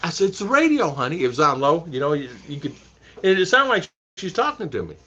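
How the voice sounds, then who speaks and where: A man's voice: fairly high pitch, big pitch swings, a little fast, bright, forceful tone, lo-fi sound. A man hosting a casual live stream, chatting with viewers, reading their names aloud and laughing often. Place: home in the Philippines.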